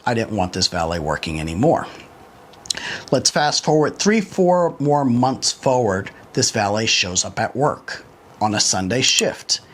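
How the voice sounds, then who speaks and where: A man's voice: mid-range voice, fairly bright tone, slight background noise. A man who runs a valet company telling a long story about a former employee in a casual, rambling way, acting out what others said. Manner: rambling, conversational, quotes others in dialogue.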